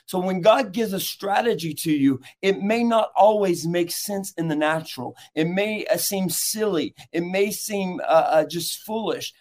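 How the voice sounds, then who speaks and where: A man's voice: a little high, darkish tone. Earnest man, a guest minister. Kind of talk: interview answers with teaching.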